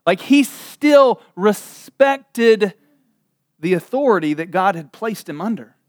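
A man preaching a sermon, reading scripture slowly and dramatically, then retelling it with laughs and casual asides. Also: high-pitched, dry recording, clean studio sound. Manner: animated storytelling with frequent laughs and asides.

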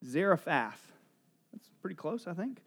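Middle-aged guy preaching, high-pitched, joking around doing little voices for the townsfolk. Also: lively intonation, normal speed. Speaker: pastor. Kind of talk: sermon.

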